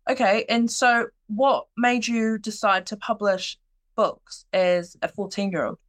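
A woman's voice: medium pitch, steady tone, measured pace. A young adult woman, hosting a casual podcast interview in a bubbly, teasing way and laughing often. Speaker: podcast host.

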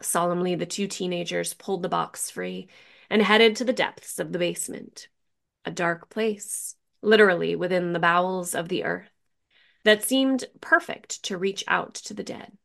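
A woman co-hosting a podcast, narrating a scripted story in an atmospheric way, dropping to a hush for suspense. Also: on the low side, moderate pace, gravelly, dry recording, studio quality. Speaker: co-host.

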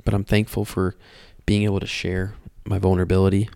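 Young man giving heartfelt testimony, fry in the voice, stumbles and repeats himself. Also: deep voice, level tone, a little mellow, no echo, clean studio sound. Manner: earnest, halting, repeats words. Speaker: podcast host. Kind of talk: personal testimony.

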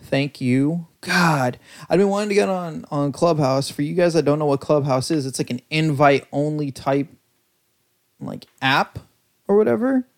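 A young man hosts his own podcast in a casual solo ramble, his voice a little high and expressive at a moderate pace. He sounds tired and lethargic, mocking himself as he tells loose stories packed with fillers.

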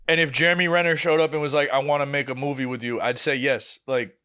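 A young man co-hosting a podcast, chatting casually and telling an animated story, acting out the people he quotes. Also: mid-range voice, quick pace, clear, resonant tone. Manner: animated storytelling, acts out quoted family members. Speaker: podcast co-host. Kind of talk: casual chat.

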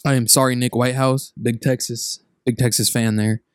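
A man's voice: mid-range voice, little pitch movement, moderate pace, dry recording, clean studio sound. A young man hosting a casual sports podcast, teasing his co-hosts and moving the picks along. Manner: joking, teasing, runs the segments. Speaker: podcast host.

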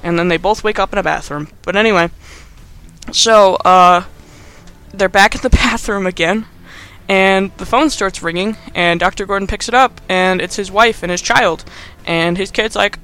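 A man's voice: high voice, moderate pace, pushed and bright, smooth. A young man recapping a movie in a casual, rambling, sarcastic way, laughing as he talks. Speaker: podcast host.

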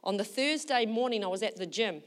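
A woman pastor preaching a sermon, telling a story with lively acted quotes and leading a fervent prayer. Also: medium pitch, a little fast.

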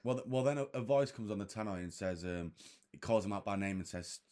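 A man's voice: on the low side, fast, a little mellow. A man chatting casually about a film, blunt and swearing freely as he airs heated opinions. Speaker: film discussion co-host. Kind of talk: casual chat.

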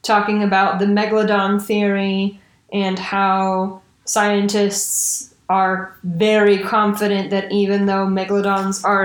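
A woman's voice: medium pitch, steady tone, takes it slowly, a bit bright, reverberant. A woman hosting a casual true-crime podcast, chatty and swearing casually. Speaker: podcast host.

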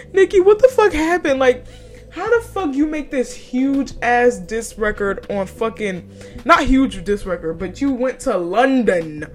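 A woman's voice: sits high, a little slow, soft background music. A young woman hosting a podcast, chatting casually with lots of swearing and frequent laughter. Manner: profane, animated, laughs often. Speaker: podcast host. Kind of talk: casual chat.

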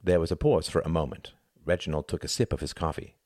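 Man, low voice, audiobook narration, measured intimate reading, dry close sound. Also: a little mellow, no room sound.

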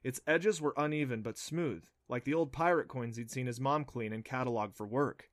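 A man narrates a children's adventure book in a steady storytelling voice, with a middle pitch. The recording is dry and close, with no room sound. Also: normal speed, dry recording. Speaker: audiobook narrator. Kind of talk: scripted narration.

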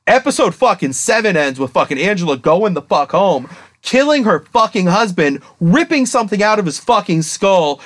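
A young man co-hosting a casual podcast, rambling excitedly and swearing constantly as he retells a story. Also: high voice, moderate pace. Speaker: podcast co-host. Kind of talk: casual chat.

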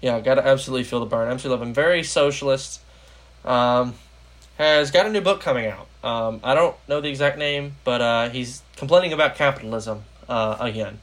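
A young adult American man hosts a casual political podcast, rambling with lots of fillers. His mid-range voice is fairly quick and a bit bright.

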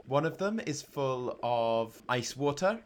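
A man's voice: medium pitch, animated, slow pace, a little hiss or hum. A man running a tabletop game as game master, narrating scenes in a playful way and laughing often.

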